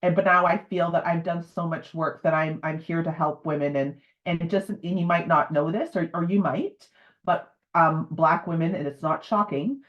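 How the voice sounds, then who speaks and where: A woman's voice: fairly low pitch, normal speed. A woman in her fifties, a menopause educator, speaking candidly and emotionally on a video call. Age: 50s. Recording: dull lo-fi video call audio.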